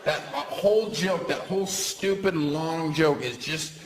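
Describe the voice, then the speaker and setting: A man doing a stand-up comedy set on a club stage, talking animatedly and jumping into shrill put-on voices for his bits. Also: measured pace. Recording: roomy live club sound with crowd noise.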